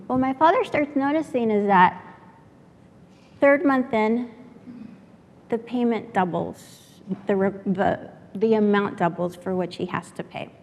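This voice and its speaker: A woman from San Antonio, Texas, speaking at a workshop in a mid-range voice. She tells a personal story from the heart and pauses often with fillers. Her voice carries a long reverb from a lecture hall. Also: mid-range voice, lo-fi sound.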